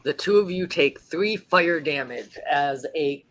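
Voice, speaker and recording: A man's voice: on the high side, lively intonation, measured pace, noisy background. A man narrating as game master of a tabletop game, casual and stopping to check rules aloud.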